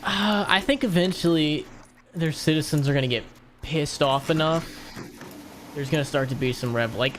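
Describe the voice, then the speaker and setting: A man's voice: fairly high pitch, moderate pace, a bit bright, a little hiss or hum. A man hosting a podcast, talking casually with crude, joking banter. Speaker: podcast host.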